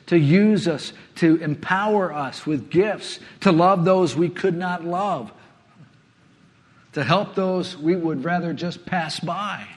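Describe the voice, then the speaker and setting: A man preaching a sermon, earnest, often letting his voice sink to a hush before rising again. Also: fairly high pitch. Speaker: pastor. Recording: long hall reverb.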